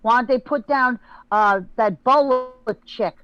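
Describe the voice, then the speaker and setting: High-voiced emphatic woman on muffled phone audio. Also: unhurried. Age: middle-aged. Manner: emphatic, exclamatory, stammers and restarts. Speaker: podcast guest. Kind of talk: casual chat.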